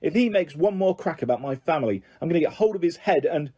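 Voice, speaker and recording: A hot-tempered teenage boy wizard, voiced by a man, blurting out his words for an audiobook. The voice sits raised and a touch husky, with a mellow tone. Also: sits high, sing-song, voice pushed up, exaggerated voice. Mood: angry. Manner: blurting, quick to anger.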